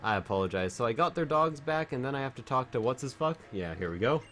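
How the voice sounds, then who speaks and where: A man streaming a game while a bit drunk, chatting in a silly, rambling way and jumping into high joking voices. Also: expressive, fast, fairly bright tone, a little hiss or hum. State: tipsy. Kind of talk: casual livestream chat.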